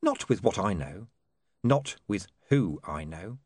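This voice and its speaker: A man's voice: fairly low pitch, big pitch swings, slow pace, darkish tone, slightly rough, no room sound, clean studio sound, pitched below the performer's own voice, heavily acted. A man reading an audiobook, voicing a cold, menacing male criminal who talks in a clipped, mocking way. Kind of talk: audiobook character voice.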